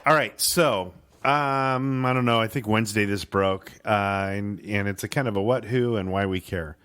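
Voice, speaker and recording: A man's voice: lowish voice, normal speed, fairly bright tone, clean tone. A man co-hosting a casual sports podcast, swearing freely and stumbling over words as he reads an article aloud. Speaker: podcast co-host.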